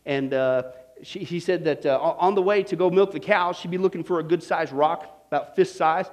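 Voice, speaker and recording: A man from Kansas preaching a storytelling sermon to a live audience. He is animated and folksy, laughs at his own stories, and keeps checking in with the crowd. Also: a little high, normal speed. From Kansas, United States. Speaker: preacher teaching a Bible study.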